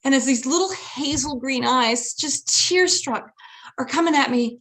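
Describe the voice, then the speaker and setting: A woman telling a personal story on stage in a lively, animated way, acting out the voices of people in it and laughing often. She sounds like a mother recounting family memories. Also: high voice, a little slow.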